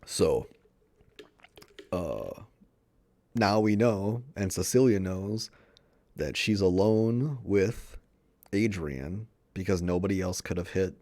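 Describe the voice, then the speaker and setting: Casual male movie reviewer, low and mellow, profane and rambling. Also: lively intonation, takes it slowly, pauses often. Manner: rambling, profane, retells scenes with quoted dialogue.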